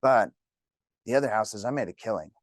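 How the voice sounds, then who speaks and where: A man's voice: fairly low pitch, brisk, no room sound, clean studio sound. A man teaching a real estate class, telling joking stories to the room. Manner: jokey, storytelling. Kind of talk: classroom talk.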